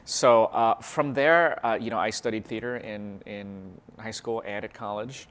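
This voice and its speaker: A man from California, chatting as an interview guest, lively, laughing often, with many restarts and fillers. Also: lowish voice, unhurried, slight background noise. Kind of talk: casual interview chat.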